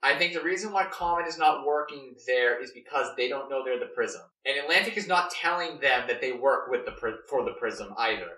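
A young man brainstorms a story out loud. He rambles with plenty of fillers and eager restarts. His voice is bright, and the mic sits far off in an echoing room. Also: mid-range voice, fairly quick, few pauses. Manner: rambling, filler-heavy, animated. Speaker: story co-writer. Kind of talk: casual brainstorming chat. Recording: roomy, distant mic.

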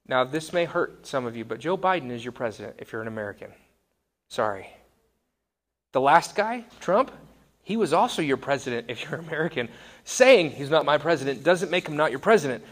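A man's voice: fairly high pitch, lively intonation, a little fast, a bit bright. A man in his thirties giving a conversational sermon, wry and self-deprecating. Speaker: pastor.

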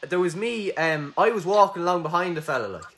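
A man's voice: sits high, lively intonation, brisk, a bit bright. A man with an Irish accent hosting a podcast in casual chat, laid-back, swearing freely and laughing easily. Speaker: podcast host.

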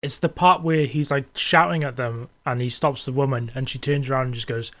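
A man co-hosting a podcast, chatty and quick to laugh in casual chat. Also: mid-range voice, fairly even intonation, a bit bright. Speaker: podcast co-host.

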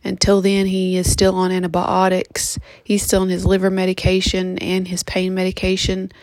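Flat, gravelly-voiced woman talking straight into a dry mic. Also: lowish voice, dry recording. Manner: halting, many ums and restarts. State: just woke up, yawning. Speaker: vlogger giving a pet health update. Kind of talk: casual update vlog.

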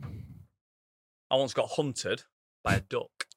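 A man's voice: medium pitch, very slow, slightly rough, dry recording, clean studio sound. A man chatting casually on a podcast, reacting and laughing. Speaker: podcast co-host. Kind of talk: casual chat.

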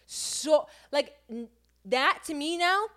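A woman in her twenties co-hosts a podcast, telling a personal story candidly in a high, expressive, bright voice with a forceful tone. She speaks slowly, chatty and full of fillers, painting the story vividly.

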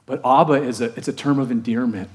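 A male pastor preaching a conversational, animated sermon, often asking the congregation questions. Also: mid-range voice, fast talker.

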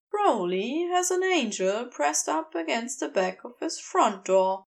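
A woman narrating a story for an audiobook in a slow, intimate way. Her voice sits fairly high and rises and falls freely, with a gravelly fry at the ends of phrases. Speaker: podfic reader. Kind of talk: fan fiction audiobook narration.

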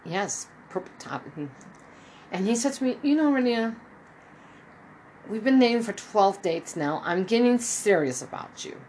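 A woman's voice: lively intonation, a little slow, darkish tone, slight background noise, low-quality recording. A woman in her fifties telling a rambling personal story, acting out the people she quotes. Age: 50s. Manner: rambling, acts out quoted dialogue with shifting pitch. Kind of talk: casual spoken storytelling.

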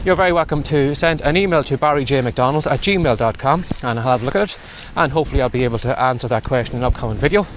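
A fast talker with a mid-range voice, he barely pauses. He's a podcast host on a casual outdoor walking vlog, battling strong wind and rain and a little short of breath as he dispenses conversational advice.

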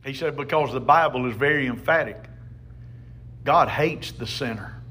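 A man's voice: mid-range voice, moderate pace, pushed and bright, slight background noise. A man preaching a sermon as a pastor, emphatic, with call-and-response to the congregation.

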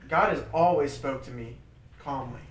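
Animated man teaching, roomy distant sound. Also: medium pitch, normal speed. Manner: animated, emphatic repetition, laughs while telling stories. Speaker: Bible study leader. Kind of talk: informal teaching to a small group. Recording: roomy, distant mic with faint background noise.

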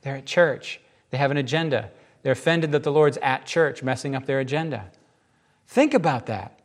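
A man giving informal, emphatic Bible teaching in a lively, conversational way. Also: mid-range voice, moderate pace.

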